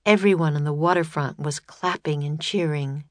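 Audiobook narrator, woman, low-ish voice, steady storytelling, close and dry. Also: normal speed, no echo.

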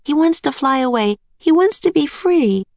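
An eager, kind-hearted little girl from a read-aloud storybook, as a woman narrator puts her on. Her voice sits up high and bright with a faint gravelly edge, pleading and earnest. It is close and dry. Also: animated, moderate pace, no echo.

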